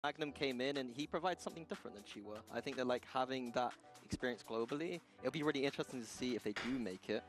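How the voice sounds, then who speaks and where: A male esports analyst breaks down the match in rapid, filler-heavy talk. Clear music sits beneath his live broadcast commentary. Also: medium pitch.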